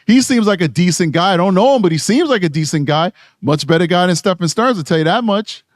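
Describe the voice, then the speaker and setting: Tired new york guy rambling through live true crime commentary, kinda high voice, dry close mic. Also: lively intonation, fast talker, no echo. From New York City. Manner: rambling, conversational, frequent restarts. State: tired from lack of sleep.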